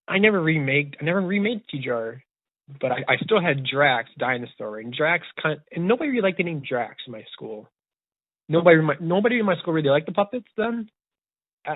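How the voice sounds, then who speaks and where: Young male podcast host, rambling and excited; dead, narrow phone-quality audio. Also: on the high side, normal speed, dry recording. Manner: rambling, eager, many restarts. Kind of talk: casual storytelling chat. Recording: tinny phone-like dry sound.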